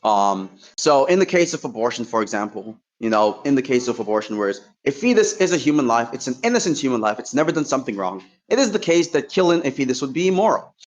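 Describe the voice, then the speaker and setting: Here is a man arguing in an online voice-chat debate at a rapid clip, his voice sitting at an ordinary middle pitch. He is combative and profane, mocking his opponent, yet he keeps walking through his points one at a time. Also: big pitch swings. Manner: combative, profane trash talk; lays out points step by step.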